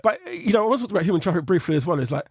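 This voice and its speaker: A man hosting a podcast in a playful, teasing way, with lots of quick agreeing. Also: high-pitched, lively intonation, slightly rough, dry recording, clean studio sound. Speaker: podcast host. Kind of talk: casual chat.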